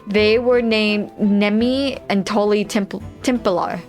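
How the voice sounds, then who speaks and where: A woman's voice: mid-range voice, fairly even intonation, takes it slowly, faint music behind. A woman streamer chatting casually and giggling as she reacts to her chat while playing a game.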